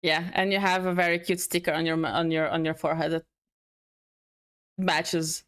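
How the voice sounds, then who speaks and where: A woman's voice: low voice, little pitch movement, normal speed, a bit bright. A woman co-hosting a casual stream chat, making dry, teasing remarks.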